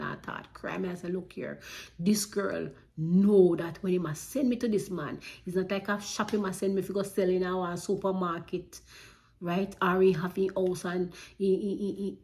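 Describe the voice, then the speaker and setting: A woman's voice: on the low side, darkish tone. A woman with a Jamaican accent earnestly recounting a personal story, with emotion and Patois-flavoured speech.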